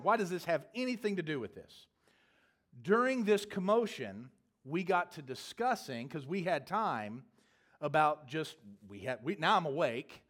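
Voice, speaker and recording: Rambling, jokey male pastor telling a story. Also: fairly high pitch. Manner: rambling, humorous, self-correcting storyteller. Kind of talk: storytelling sermon.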